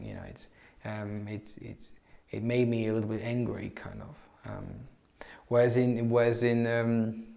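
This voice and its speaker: A man's voice: lowish voice, fairly even intonation, a little slow, gravelly, dark tone. A man teaching English to learners in a casual spoken lesson, talking with frequent restarts and repeated words.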